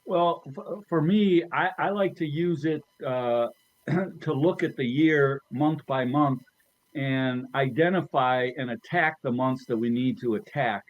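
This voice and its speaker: A man's voice: medium pitch, unhurried, no echo. Man on dry lo-fi audio. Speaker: panelist, marketing consultant. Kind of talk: casual panel discussion.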